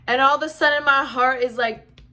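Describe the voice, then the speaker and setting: Young woman, bright sharp voice, casual storytime vlog, chatty, camera mic at home. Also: high voice, steady tone, a little fast. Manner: chatty, heavy use of "like". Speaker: vlogger.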